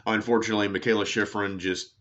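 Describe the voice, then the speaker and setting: A man hosts a sports show in a low voice with a bright, forceful edge. He rambles through tangents, full of fillers and casual swearing. The recording sounds dull and lo-fi. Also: flat delivery, quick pace. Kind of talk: casual sports commentary monologue.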